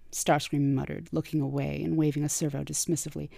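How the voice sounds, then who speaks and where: A woman narrating fan fiction as a podfic reader, in slow, even storytelling. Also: deep voice, vocal fry, no echo, clean studio sound.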